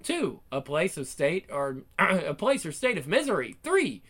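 A man's voice: fairly high pitch, big pitch swings, measured pace, fairly bright tone, husky, full character voice. A man voicing a small, pedantic know-it-all robot in a one-man game fan dub. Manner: pedantic, reciting definitions.

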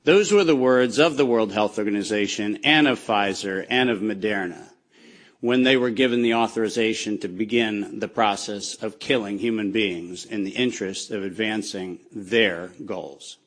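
A man giving an impassioned, accusatory speech with slides, speaking emphatically with deliberate pauses. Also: fairly low pitch.

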